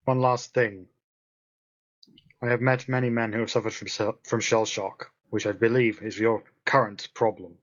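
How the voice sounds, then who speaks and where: A man playing a tabletop game, earnest and measured. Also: on the low side, level tone, highs cut off. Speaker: player. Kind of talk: tabletop game play over voice chat.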